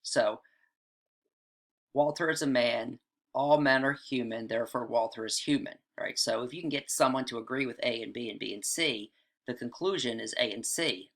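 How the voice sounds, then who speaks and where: A man's voice: medium pitch, normal speed, a bit bright. Male teacher, informal lecture delivery, conversational with frequent check-ins. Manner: chatty, frequent "right?" and "all right" asides. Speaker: writing teacher. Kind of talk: casual lecture on rhetoric.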